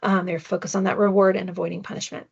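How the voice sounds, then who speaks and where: A woman's voice: medium pitch, flat delivery, fast, gravelly, darkish tone, breathy edge, dull audio. A woman presenting a parenting webinar with slides, talking conversationally and often checking in with tag questions. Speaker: adoption parenting educator.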